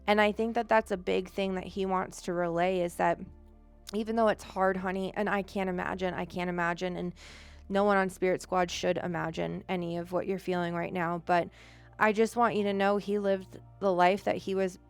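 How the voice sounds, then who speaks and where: Brief: young woman, live psychic reader, choked up, rambling and gentle, smooth voice, faint music behind. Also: fairly low pitch, little pitch movement, moderate pace. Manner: gentle, emotional, rambling with many fillers. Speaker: psychic medium. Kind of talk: live-streamed reading.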